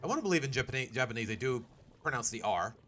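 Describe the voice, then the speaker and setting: Animated, bright-voiced man narrating gameplay. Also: medium pitch, quick pace, slight background noise. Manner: rambling, thinking aloud, self-mocking. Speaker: gaming streamer. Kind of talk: let's play commentary. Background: faint game music.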